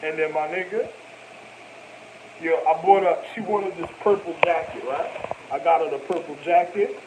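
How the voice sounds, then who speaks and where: A young man telling a rambling, animated personal story in profane street slang, full of repetitions and asides. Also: on the high side, moderate pace, noisy background. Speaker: vlogger.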